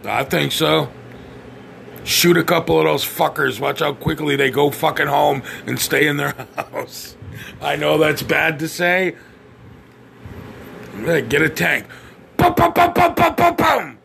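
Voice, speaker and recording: A man's voice: a little high, unhurried, vocal fry, pauses often, bright, forceful tone, slight background noise. A blunt, profane man ranting on his podcast, often stammering and restarting. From United States. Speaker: podcast host. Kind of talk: opinionated podcast rant.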